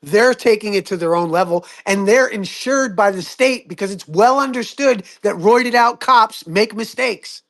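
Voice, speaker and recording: A man leading a casual group discussion, talking emphatically in quick bursts and swearing freely. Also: high-pitched, a bit bright.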